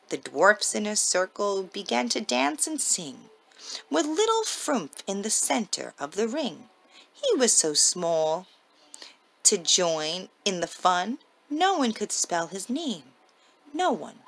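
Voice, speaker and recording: A mother reading a rhyming children's picture book aloud in a slow, sing-song manner. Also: medium pitch, gravelly, fairly bright tone, rough recording.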